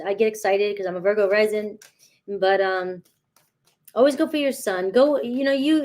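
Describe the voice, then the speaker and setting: A woman doing a casual tarot reading, chatty and talking straight to her viewers, often checking in with "all right.". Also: mid-range voice. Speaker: tarot reader.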